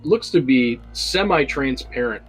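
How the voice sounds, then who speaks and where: A man's voice: mid-range voice, lively intonation, unhurried, a bit bright, slightly rough, soft background music, low-quality recording. A man narrating a tabletop game as game master, rambling and hesitant, with many fillers.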